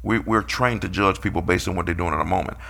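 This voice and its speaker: A man's voice: low-pitched, fast talker, gravelly, bright, forceful tone. A man preaching a sermon, playfully calling out his congregation and acting out quotes.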